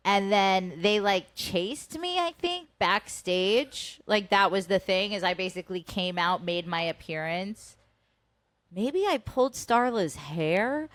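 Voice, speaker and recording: Animated, foul-mouthed woman telling stories. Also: mid-range voice, slow pace, dry recording. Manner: animated, heavy swearing, acts out quoted voices. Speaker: podcast co-host. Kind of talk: casual storytelling chat.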